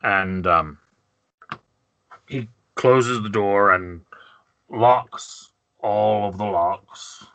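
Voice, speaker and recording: A lower-voiced man running a tabletop game, his narration halting and full of repeated words. The tone is bright and forceful, recorded dry and close. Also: creaky, dry recording. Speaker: game master.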